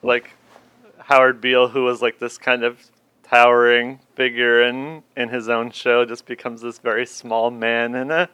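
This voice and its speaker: A man's voice: mid-range voice, level tone, unhurried, bright, forceful tone, smooth, no room sound. A man in a casual film discussion, talking in a laid-back, rambling way.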